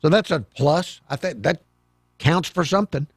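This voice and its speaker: A man's voice: on the high side, normal speed, slightly rough, no room sound, clean studio sound. An older man hosting a call-in radio talk show, with wry, sarcastic asides.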